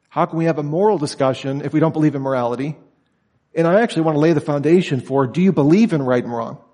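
A man's voice: on the high side, darkish tone, in a large hall. A man teaching at a summer institute, lecturing students in an emphatic way and asking many rhetorical questions.

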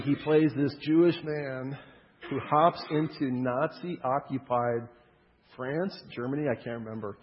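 A man preaching a sermon in a loose, conversational way, often checking in with the audience. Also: mid-range voice. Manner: casual, energetic preaching with frequent "okay?" check-ins. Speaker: pastor. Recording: dull sound with long hall reverb.

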